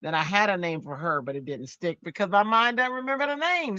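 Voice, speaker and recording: Woman craft host, casual storyteller, lively bright voice, slightly muffled dry recording. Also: medium pitch, fairly quick, dry recording. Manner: chatty, animated storyteller. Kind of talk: casual chat while crafting.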